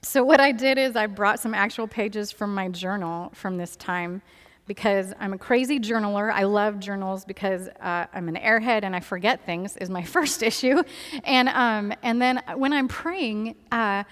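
A woman's voice: mid-range voice, moderate pace, fairly bright tone. A middle-aged woman giving a candid personal faith testimony to a gathering, talking conversationally with frequent ums and small laughs. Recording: long hall reverb.

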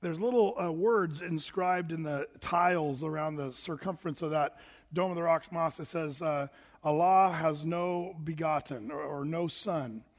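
A man's voice: a little high, moderate pace, long reverb tail. A man preaching a sermon in a chatty, rambling way, full of fillers and restarts. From United States. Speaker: pastor.

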